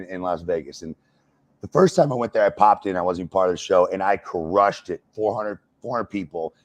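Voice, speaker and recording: American man, very low voice, dry mic, profane casual storyteller, filler-heavy. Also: no room sound. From United States. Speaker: wrestler and stand-up comic guest. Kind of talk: casual uncensored interview.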